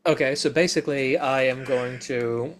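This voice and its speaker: A man's voice: medium pitch, steady tone, normal speed, a little hiss or hum. A man playing a tabletop game, hesitant, thinking aloud with many ums. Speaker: player.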